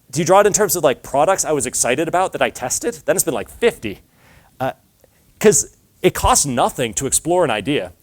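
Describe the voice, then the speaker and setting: Man, casual talk, chatty storyteller, acts out dialogue, mid-pitched voice. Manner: chatty, lots of filler words and acted-out dialogue. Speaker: speaker giving a talk.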